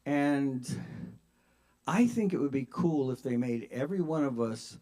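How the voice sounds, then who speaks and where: An older man doing a self-mocking stand-up set at an open mic, shifting between mumbled asides and loud punchlines. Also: mid-range voice, animated, unhurried. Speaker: stand-up comedian. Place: open mic at a kava bar.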